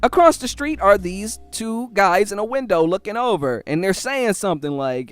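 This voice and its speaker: A man's voice: sits high, lively intonation, normal speed, clear, resonant tone, no echo, studio quality. A man angrily telling a story about a bad night, swearing often and acting out what people said. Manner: angry, profane ranting. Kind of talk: casual storytelling.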